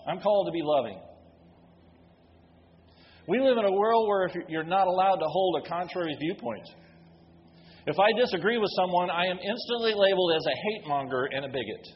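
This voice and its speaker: In a church sanctuary, a pastor preaches with a high, expressive voice, talking a little fast and pausing often as his rhetorical questions gain force. Long hall reverb fills the dull recording, along with a little hiss or hum.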